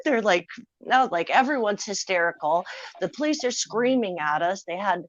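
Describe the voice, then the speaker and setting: A woman's voice: medium pitch, lively intonation, normal speed, no room sound. A woman in casual chat, blunt and emphatic, swearing freely. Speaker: podcast co-host. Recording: dry dull lo-fi sound.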